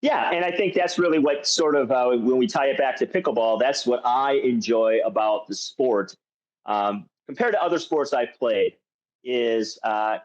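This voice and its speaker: A male podcast host with an easygoing manner, chiming in with short affirmations and talking about the sport. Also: mid-range voice. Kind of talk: conversational interview. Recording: dull lo-fi audio.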